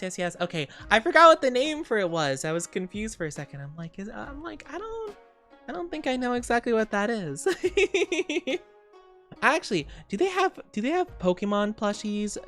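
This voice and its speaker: A man's voice: high-pitched, sing-song, normal speed, a bit bright, soft background music. A young man streaming, chatting casually in a bubbly, rambling way, reading chat aloud and giggling often.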